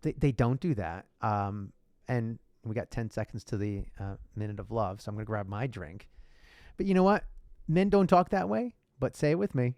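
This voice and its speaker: A man co-hosts a casual podcast chat, lively and profane, laughing as he talks. His voice is mid-pitched with a rough, gravelly fry. The sound is dry and close to the mic. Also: moderate pace, no room sound. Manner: animated, swears, laughs, mimics voices. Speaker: podcast co-host.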